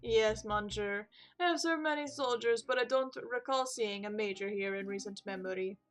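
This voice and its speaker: A woman voicing a weary male bird café owner who speaks in a dry, drawling, unhurried way. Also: medium pitch, faint music behind, close to an everyday voice.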